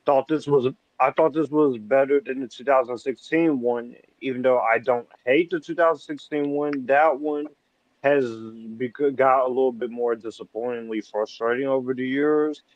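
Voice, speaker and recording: A relaxed man runs through his film picks in an easy, casual way. His everyday mid-pitched voice comes through a slightly dull, lo-fi recording. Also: moderate pace, dry recording. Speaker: guest film fan. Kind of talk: casual chat.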